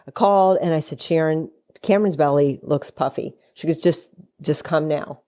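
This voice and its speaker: Low-voiced chatty mother telling a story. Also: normal speed, dark tone. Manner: chatty, acts out quoted speech with shifting pitch. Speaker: guest, host's mother. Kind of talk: casual storytelling.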